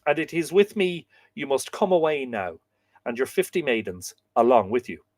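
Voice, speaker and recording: A man's voice: mid-range voice, sing-song, normal speed, darkish tone, no room sound, pitched above the performer's own voice. An Irish man voicing an ancient male Irish god, reading his words aloud in a lifted storytelling tone. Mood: summoning.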